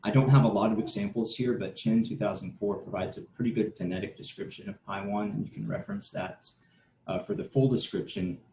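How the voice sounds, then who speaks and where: A man presenting an academic conference talk, explaining in a measured way with fillers and restarts. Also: fairly low pitch, fairly even intonation, dark tone, echoey room, slight background noise, rough recording.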